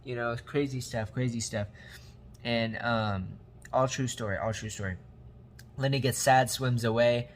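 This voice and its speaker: Man, movie reviewer, casual comedic recap, rambling slang, mid-pitched voice. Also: fairly even intonation, unhurried, slight background noise. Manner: rambling, slangy, repeats catchphrases.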